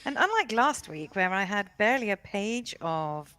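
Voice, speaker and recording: A woman's voice: medium pitch, very animated, normal speed, bright, forceful tone. A woman co-hosting a live stream, reading viewer messages and trivia in a bubbly, teasing way. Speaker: podcast co-host reading trivia. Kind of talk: casual live-stream chat.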